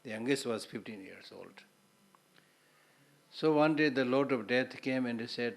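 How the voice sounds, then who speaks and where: Male Buddhist teacher, relaxed lecture style, storytelling, occasional Hindi asides. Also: mid-range voice, normal speed, gravelly, pauses often. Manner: conversational, repeats words, Hindi asides.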